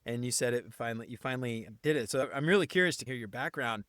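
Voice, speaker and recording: A man's voice: medium pitch, fast talker, a bit bright, no room sound, studio quality. A man hosting a podcast, enthusiastic and upbeat, with casual slang. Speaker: podcast host. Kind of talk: casual interview chat and show promo.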